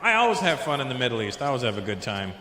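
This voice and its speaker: A man's voice: mid-range voice, sing-song, rapid-fire, bright, forceful tone, a little hiss or hum. A man doing a stand-up routine on a handheld mic before a live crowd, chatting with the audience and slipping into silly voices. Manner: chats with the crowd, jumps into silly put-on voices. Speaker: stand-up comedian. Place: large comedy venue with a live audience. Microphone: handheld stage mic. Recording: roomy hall, long reverb.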